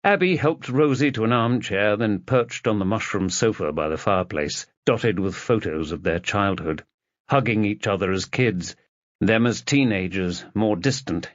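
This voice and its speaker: A man narrating a mystery novel as an audiobook in an expressive reading. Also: on the low side, measured pace, no room sound. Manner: expressive reading, voices the characters. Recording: dull, dry lo-fi recording.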